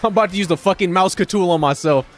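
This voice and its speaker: A man with a high voice streams a game live. He rambles to his viewers, swearing freely and dripping with sarcasm. Faint music plays behind him. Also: fast. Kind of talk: live-stream commentary while gaming.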